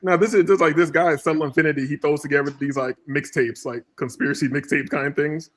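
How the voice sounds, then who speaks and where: A man's voice: a little high, steady tone, fairly quick, fairly bright tone. A man hosting a casual podcast, talking in a loose, slangy way full of fillers. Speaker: podcast host. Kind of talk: casual chat.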